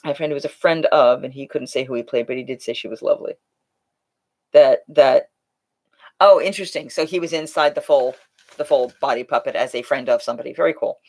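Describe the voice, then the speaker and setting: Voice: mid-range voice, fairly quick, vocal fry. A live-stream host in a casual chat, answering viewer questions in a rambling, think-aloud way on a USB microphone. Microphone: Logitech USB microphone.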